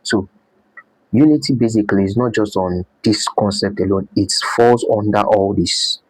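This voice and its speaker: A man teaches a design class in a low, husky voice. He repeats key points and throws questions back at his students. The sound is dry and close. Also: moderate pace, dry recording, low-quality recording. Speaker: design instructor. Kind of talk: live class lecture.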